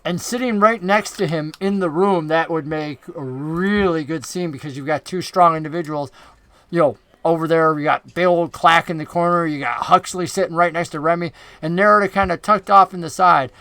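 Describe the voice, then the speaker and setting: A man's voice: a little high, moderate pace, bright, forceful tone, dry recording. A man running a tabletop game as game master, narrating in a loose, conversational way with plenty of fillers.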